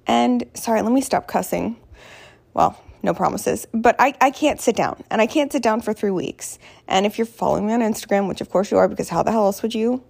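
A podcast host speaks in a fairly high voice with vocal fry. She's at home, not in her usual podcasting room, keeping the talk casual and chatty while telling self-mocking stories.

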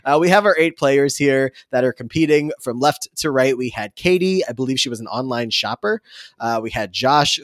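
A man's voice: mid-range voice, no echo, studio quality. A man co-hosting a podcast, recapping a game show episode in a casual, rambling way with many filler words. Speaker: podcast co-host.

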